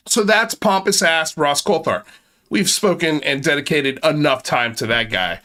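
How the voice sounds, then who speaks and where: A man's voice: fairly high pitch, moderate pace, pushed and bright. A man hosting a commentary channel, speaking in sarcastic, mocking asides with exaggerated exclamations. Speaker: channel host.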